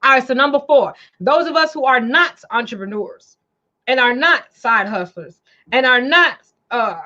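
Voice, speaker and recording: A high-voiced woman from Chicago hosts a casual livestream, chatty and animated, circling back over the same words again and again. The sound is dull and lo-fi, like a home stream. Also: normal speed. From Chicago, USA. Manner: animated, chatty, repeats phrases. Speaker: show host and financial coach.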